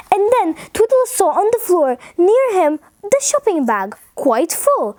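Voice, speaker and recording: A woman reading a funny children's story aloud, cheerful and expressive. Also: very high voice, a little slow, hardly any pauses, no echo. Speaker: storybook reader.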